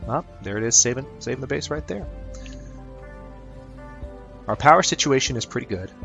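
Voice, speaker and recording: A man's voice: mid-range voice, lively intonation, moderate pace, creaky, fairly bright tone, soft background music. Upbeat chatty man narrating gameplay. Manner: chatty, upbeat, thinks aloud with fillers. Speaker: gameplay commentator. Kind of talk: casual let's-play commentary.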